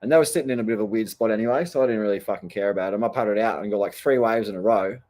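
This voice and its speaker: A man's voice: fairly low pitch, very fast, darkish tone. An Australian man who surfs, telling stories in a casual, blunt rant full of swearing. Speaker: surfer vlogger. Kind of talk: casual ranting storytelling.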